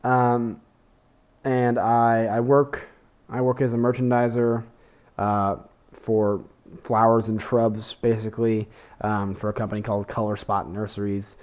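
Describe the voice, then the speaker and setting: A man's voice: on the low side, little pitch movement, a little slow, a little mellow. A young man, hosting a podcast, telling rambling, self-deprecating comedy stories full of fillers and swearing. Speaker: podcast host. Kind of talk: casual comedic monologue.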